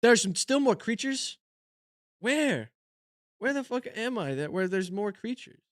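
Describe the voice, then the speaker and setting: A man's voice: high-pitched, sing-song, measured pace, fairly bright tone, no echo, studio quality. A male comedian reviewing viewer-submitted card decks, rambling and muttering to himself as he works through the list. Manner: rambling, talks to himself while scanning cards. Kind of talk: casual comedic commentary.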